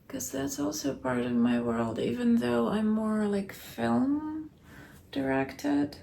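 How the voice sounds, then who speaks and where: A weary woman keeping a late-night video diary at home, talking softly and often dropping into a whisper. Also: fairly high pitch, big pitch swings, slow pace, creaky, slight background noise. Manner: soft, tired, often drops to a whisper. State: weary, low on energy.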